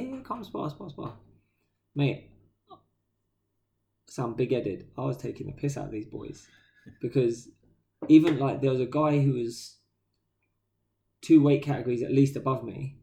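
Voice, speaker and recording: Man, British accent, podcast co-host, casual slangy chat, gravelly, relaxed dark tone. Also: medium pitch, normal speed, long pauses. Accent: British English. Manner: slangy, animated storytelling.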